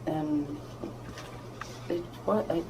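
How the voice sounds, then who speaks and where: A woman, an employee answering questions at a hearing, speaking quietly and softly. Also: low voice, very slow. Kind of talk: testimony. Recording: noisy distant room recording.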